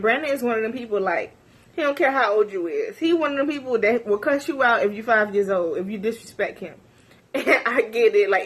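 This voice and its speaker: Chatty young woman with a high voice. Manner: animated, chatty, frequent laughter and sudden squeals. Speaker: vlogger. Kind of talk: casual gossipy episode recap.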